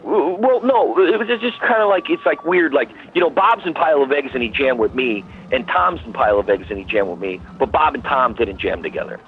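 A man's voice: mid-range voice, expressive, brisk, few pauses, slight background noise. A man, a guest musician, calling in and chatting casually, rambling and repeating himself as he talks. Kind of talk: casual phone-in chat. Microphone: phone call. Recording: tinny phone line.

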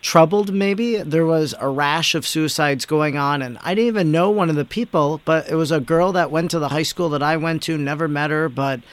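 A man's voice: fairly high pitch, normal speed, hardly any pauses, no echo. A man, a priest, hosting an interview, reflecting thoughtfully and asking questions. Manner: reflective, thoughtful with some restarts. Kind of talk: interview conversation.

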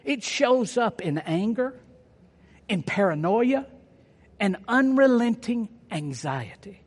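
A man preaching a sermon, emphatic and repeating his key phrases for effect. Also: high-pitched. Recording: long hall reverb.

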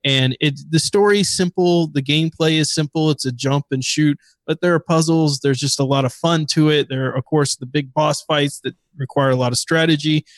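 Man, podcast co-host, casual gaming chat, enthusiastic, average pitch, dry recording. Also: no room sound. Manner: enthusiastic, recommending games.

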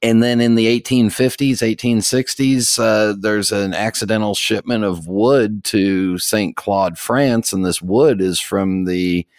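Low-voiced man talking pipe history. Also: steady tone, unhurried, hardly any pauses, no room sound, clean studio sound. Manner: rambling, self-deprecating joker. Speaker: podcast co-host, pipe tobacco expert. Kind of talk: casual podcast chat.

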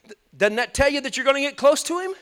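High-voiced preacher in an echoing hall. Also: male voice, fast. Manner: animated preaching, swings from loud to hushed. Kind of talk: sermon.

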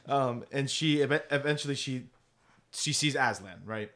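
A man co-hosting a casual podcast, his voice sitting at an ordinary middle pitch. He tells the story loosely, with many restarts and frequent laughs. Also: unhurried, sharp tone. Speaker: podcast co-host. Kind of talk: casual chat.

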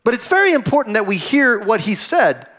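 Animated high-voiced male pastor preaching. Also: fairly quick. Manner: animated preaching, acts out quoted dialogue. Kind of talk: sermon.

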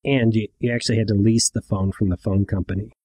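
A man's voice: fairly low pitch, steady tone, quick pace, dark tone, no room sound. A middle-aged man telling a personal story in a wry, conversational way with asides to the listener.

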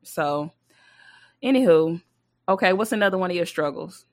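A woman co-hosting a podcast in casual chat, expressive, mimicking her mother in a raised voice. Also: on the low side, moderate pace, dry recording, clean studio sound. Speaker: podcast co-host.

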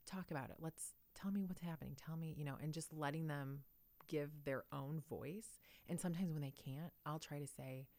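A woman's voice: deep voice, fairly even intonation, normal speed, darkish tone, no echo. A woman in her thirties talking in a thoughtful, reflective way on a podcast and laughing often. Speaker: podcast co-host. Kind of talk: casual conversation.

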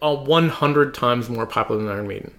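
A man's voice: mid-range voice, brisk, a bit bright. A man co-hosting a podcast in casual chat, explaining music with eager enthusiasm. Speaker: podcast co-host.

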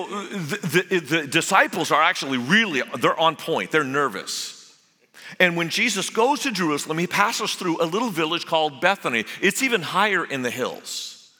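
A man's voice: fairly high pitch, bright, forceful tone. A man giving a sermon as a guest preacher, telling the story with humor. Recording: echoey hall.

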